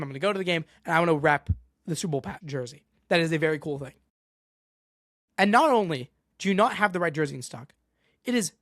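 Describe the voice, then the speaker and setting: A man's voice: high voice, a bit bright, no echo, clean studio sound. A young man hosting a solo sports podcast, ranting with exasperation and going off on tangents. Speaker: podcast host.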